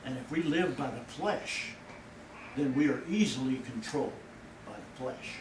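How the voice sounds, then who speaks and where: A male pastor preaching a sermon in a folksy way, his voice rising and loud whenever he quotes God. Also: medium pitch, lively intonation, a little slow, background noise. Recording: echoey room from far off.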